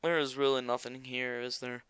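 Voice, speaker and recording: A man's voice: mid-range voice, little pitch movement, moderate pace, a bit bright, smooth, no room sound. A young man rambling through casual gameplay commentary as a gaming YouTuber, joking and talking straight to his viewers. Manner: rambling, jokey, talks to viewers.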